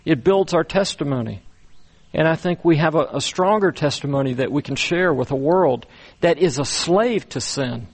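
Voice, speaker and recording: A man preaching a sermon, speaking deliberately with frequent pauses and repeated words as he walks through scripture. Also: on the high side, husky. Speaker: pastor.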